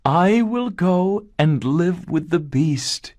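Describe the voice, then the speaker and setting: A man voicing a brave, kind young woman in a read-aloud story, earnest and gentle. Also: sits high, animated, takes it slowly, no room sound, pitched above the performer's own voice.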